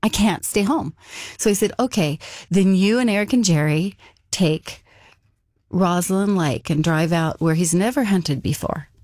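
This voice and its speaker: Woman guest, fairly low voice, recounting events haltingly, dry close sound. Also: darkish tone, no room sound. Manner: halting, with many restarts and "kind of". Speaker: interview guest. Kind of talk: telling a personal story.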